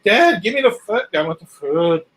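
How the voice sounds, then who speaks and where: A man's voice: animated, normal speed, fairly bright tone, slight background noise. A man voicing his pet cat as a greedy, dramatic male cat who begs insistently for food. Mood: pleading. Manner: whiny, insistent pleading that turns into shrill outrage.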